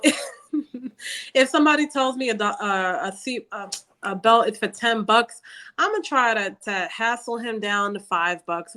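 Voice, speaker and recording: Brief: New woman, podcast cohost, blunt and profane, a bit high-pitched. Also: bright, forceful tone. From New York. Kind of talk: casual chat.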